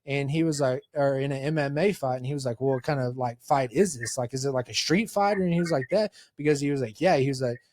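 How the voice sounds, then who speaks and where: A man in a loose podcast chat, voice pitched mid-range and ordinary for a man. He rambles through stories, acting out every quote with "he was like." Faint clicks and noise sit under him. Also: quick pace, hardly any pauses, darkish tone. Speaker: podcast co-host. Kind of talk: casual chat.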